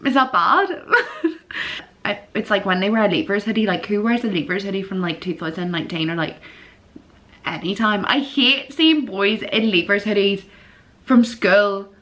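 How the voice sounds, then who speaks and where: A young woman chatting casually in a vlog, giggly and animated, breaking into squeals and disgusted groans. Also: medium pitch. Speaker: vlogger.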